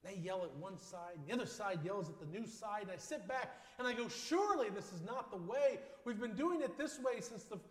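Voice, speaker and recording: A male pastor delivering a sermon in measured phrases, building on repeated lines and often dropping to a soft voice. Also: high-pitched. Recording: echoey hall with long reverb.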